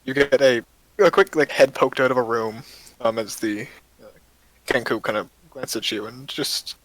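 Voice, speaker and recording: A man's voice: medium pitch, moderate pace, fairly bright tone, rough recording. A man running a tabletop game as game master, narrating casually with many fillers.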